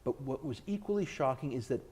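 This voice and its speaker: A man's voice: mid-range voice, lively intonation, fairly quick, a little mellow. A man being interviewed as an author and TV host, arguing his points in an emphatic, combative way during a sit-down interview. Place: indoors, filmed interview.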